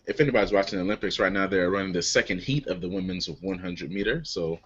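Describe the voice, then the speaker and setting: This beer chat show host speaks quickly in a low, slightly rough voice. Lively and joking, he laughs often as he brings on guests, all over lo-fi online call audio.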